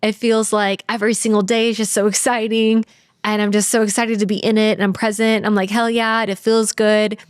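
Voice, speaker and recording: A woman's voice: medium pitch, little pitch movement, a little fast, clear, resonant tone, no echo. A woman in her thirties, a podcast guest, talking candidly and earnestly about her life, close to tears, with many "like"s. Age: 30s. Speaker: podcast guest, sales trainer. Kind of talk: candid interview talk.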